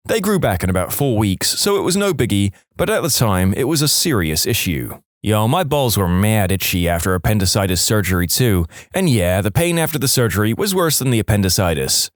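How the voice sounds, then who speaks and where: A man narrating submitted stories aloud for a podcast, with an expressive delivery. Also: mid-range voice, fairly quick, few pauses, no room sound, clean studio sound. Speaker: story narrator.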